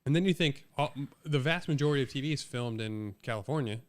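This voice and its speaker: Smooth-voiced man in casual podcast banter. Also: medium pitch, fast talker. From far southern Wisconsin and Illinois. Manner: rambling, profane, with mock accents. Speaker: podcast co-host. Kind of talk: casual chat.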